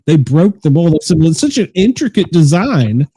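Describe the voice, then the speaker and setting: A man's voice: fairly high pitch, sing-song, moderate pace, hardly any pauses, warm tone, breathy edge, no echo, rough recording. A man hosting a podcast, chatting in an easygoing way. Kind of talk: casual chat.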